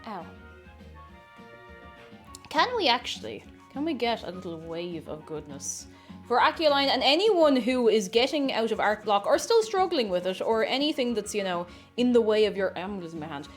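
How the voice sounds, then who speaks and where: A woman's voice: on the high side, sing-song, moderate pace, soft background music. A woman chatting casually and playfully while baking on a live stream, rambling and chuckling as she goes.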